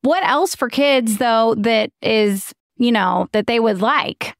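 A woman's voice: fairly high pitch, slow pace, gravelly, no room sound, studio quality. A middle-aged woman co-hosting a podcast, joking and asking follow-up questions in casual chat. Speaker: podcast co-host.

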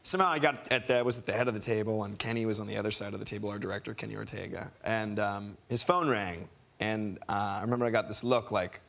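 A young adult man, a talk show guest, telling a rambling, animated anecdote in a TV studio on a lapel mic. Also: on the low side, quick pace, gravelly, few pauses. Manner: rambling, animated storytelling with laughs.

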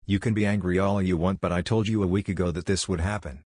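A man's voice: low voice, fairly even intonation, fast, a little mellow, no room sound, clean studio sound. A man reading the lines of a tired, stern adult ninja teacher in a story.

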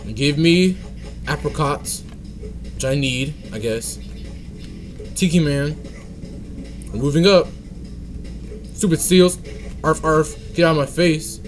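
A man's voice: fairly high pitch, takes it slowly, long pauses, soft background music. A young man giving playful let's-play commentary, singing silly made-up tunes and scolding the game. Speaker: gaming channel host.

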